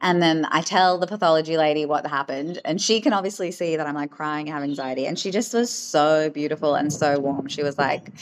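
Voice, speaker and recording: A woman hosting a podcast, telling personal stories in an emotional, animated way, full of fillers. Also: sits low, a little fast, few pauses, poor audio. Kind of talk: casual storytelling.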